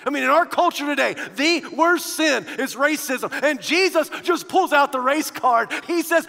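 A man preaching a sermon, animated, shifting from hushed to loud. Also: extremely high pitch, normal speed, vocal fry, few pauses. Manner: animated, swinging from hushed to loud with quoted voices. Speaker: pastor. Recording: long hall reverb.

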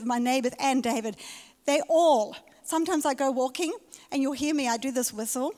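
A woman pastor preaching a sermon in a church, emphatic and repeating her key phrases. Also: high-pitched. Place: church hall. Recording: reverberant church hall.

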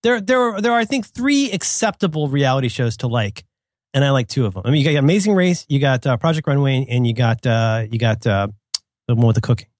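A man's voice: medium pitch, animated, brisk, dry recording, clean studio sound. A man co-hosting a podcast in casual chat, playful and joking, often drifting into silly sung bits. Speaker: podcast co-host.

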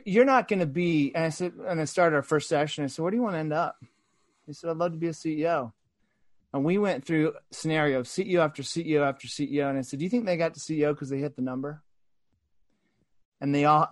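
A man in a business podcast conversation, telling a workplace story in an earnest, animated way with frequent restarts. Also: a little high, quick pace, no room sound, clean studio sound. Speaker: sales executive guest.

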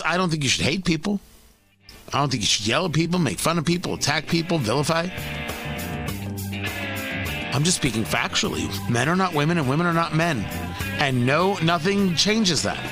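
A man's voice: a little high, fairly bright tone. A man hosting a talk radio show with emphatic, opinionated, sarcastic commentary into a studio microphone.

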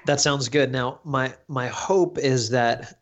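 A man's voice: medium pitch, slow, muffled recording. An American man co-hosting a podcast, explaining his views in an earnest, thoughtful way with frequent restarts. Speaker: podcast co-host, teacher. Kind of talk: casual podcast discussion.

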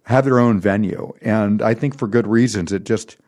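A man's voice: fairly low pitch, normal speed, a little mellow. Middle-aged man telling rambling stories. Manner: rambling, anecdotal, wry humor. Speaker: concert promoter. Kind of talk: casual storytelling chat.

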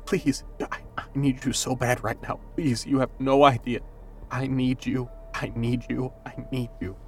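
A man's voice: lowish voice, measured pace, far from the mic, soft background music, lightly acted. A man voicing a distraught young werewolf who pleads desperately, his voice climbing and straining. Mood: sobbing whisper.

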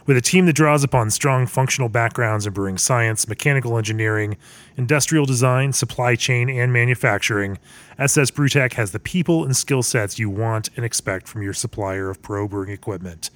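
A man's voice: medium pitch, brisk. A man hosting an interview, giving short acknowledgments and then reading sponsor ads. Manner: brief acknowledgments, steady read-through of ads. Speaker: podcast host.

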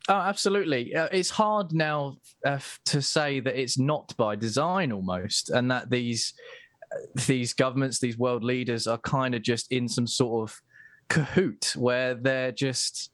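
Man, guest commentator, halting delivery, many restarts, mid pitch, dry close sound. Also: a bit bright, no room sound. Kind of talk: casual political discussion.

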